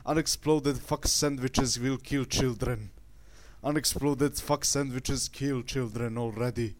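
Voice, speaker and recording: A man's voice: mid-range voice, dry recording, lightly acted. A man putting on a crude Russian-accented ranter. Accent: put-on Russian. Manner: slow, crude, in deliberately broken English. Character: ranting man with a mock broken-English accent.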